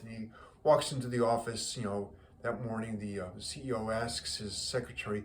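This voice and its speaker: A man hosting a weekly joke, telling it casually with many halting repeats. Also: fairly low pitch, slight background noise. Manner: halting, repeats words, relaxed. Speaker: joke teller, show host.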